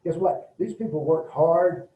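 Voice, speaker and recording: A middle-aged man giving a casual, folksy self-defense talk to a group, often acting out quick quoted lines. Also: a little high. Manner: folksy, demonstrative, acts out quick quoted bits. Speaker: martial arts instructor. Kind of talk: casual safety talk to an audience. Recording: roomy, distant, dull lo-fi sound.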